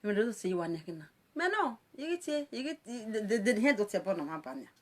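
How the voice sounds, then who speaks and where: A woman's voice: medium pitch, very animated, fairly quick. A woman with a Nigerian accent, a social media presenter ranting on a live video, mocking and scolding her callers and laughing often between lines.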